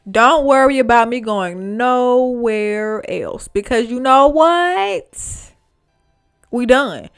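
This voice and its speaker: A woman's voice: a little high, a bit bright. Woman vlogger going off, dramatic and slangy, voice jumping all over. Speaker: storytime vlogger. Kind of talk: reading posts and reacting.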